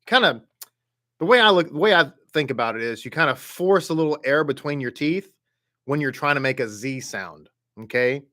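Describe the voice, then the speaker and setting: A man teaching a Hebrew reading class, patiently sounding out letters and syllables, with halting restarts and frequent check-ins. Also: on the high side, animated, pushed and bright. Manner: patient, repeats sounds slowly for learners. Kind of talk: online class instruction.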